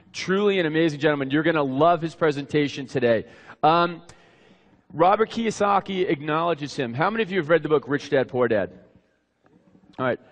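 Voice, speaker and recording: A man introducing a speaker on stage, hyping him up and asking the audience questions. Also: fairly high pitch. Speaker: event emcee. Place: large hall with a live audience. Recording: long hall reverb.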